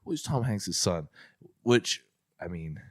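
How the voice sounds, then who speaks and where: A young man co-hosting a podcast, telling a story in an animated way with frequent laughs. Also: sits low, unhurried, no echo, studio quality. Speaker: podcast co-host. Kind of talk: casual chat.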